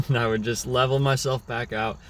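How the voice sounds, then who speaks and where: A man's voice: mid-range voice, steady tone, moderate pace, slight background noise. A young man talking through a casual, rambling reflective monologue, often restarting his words. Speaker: vlogger.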